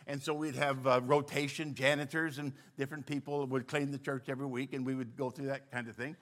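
Bright-voiced older male pastor preaching. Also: medium pitch, a little fast. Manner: storytelling, animated with bursts of emphasis and laughter. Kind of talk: sermon.

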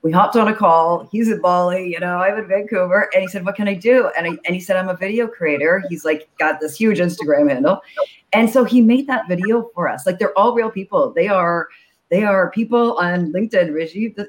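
A nonprofit founder guesting on a live show, telling stories in a chatty, animated way with lots of fillers. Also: mid-range voice, brisk.

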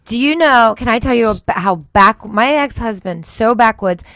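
A woman co-hosting a radio talk show, telling lively stories and laughing often. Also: on the high side, moderate pace, no room sound. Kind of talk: casual talk-show chat.

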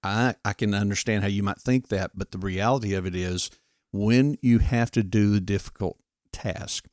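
A middle-aged man co-hosts a parenting podcast, speaking in a firm, earnest, lecturing way during casual talk. His voice is fairly low and a little mellow, with fairly even intonation at normal speed, captured in clean studio sound with no echo.

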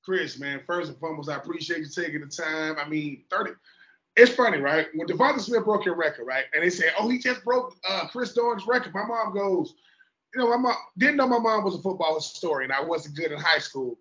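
A man's voice: a little high, a little fast, bright, forceful tone. A middle-aged man hosting a podcast interview, talking loosely and jokingly and acting out the people he quotes. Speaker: podcast host. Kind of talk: casual interview chat. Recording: dull lo-fi sound.

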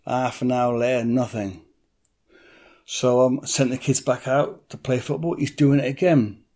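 A man's voice: medium pitch, steady tone, normal speed, darkish tone. A blunt middle-aged man tells his story in an interview, plain-spoken and salty with his language. He acts out other people's lines as he goes. His voice sits in an ordinary middle range for a man.

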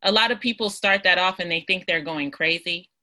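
A woman in her thirties hosts a casual interview, eager and thinking aloud as she stumbles over a few words. Her voice sits fairly low, with a bright, forceful edge. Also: fairly quick. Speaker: podcast host.

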